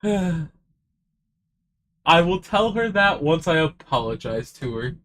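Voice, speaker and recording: A man's voice: a little high, very animated, takes it slowly, a bit bright. A man playing a tabletop game, joking and wisecracking in character. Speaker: player. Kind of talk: tabletop role-play.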